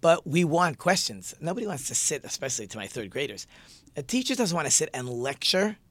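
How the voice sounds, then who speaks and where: A man's voice: fairly high pitch, big pitch swings, a little fast, fairly bright tone, no echo. A male teacher giving a conversational religious lesson and posing rhetorical questions to his listeners.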